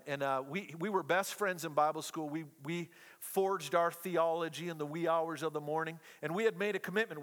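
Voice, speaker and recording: A middle-aged man preaching a sermon to a congregation, telling stories with playful, animated asides. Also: a little high, big-room sound. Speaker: pastor. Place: church hall, live congregation.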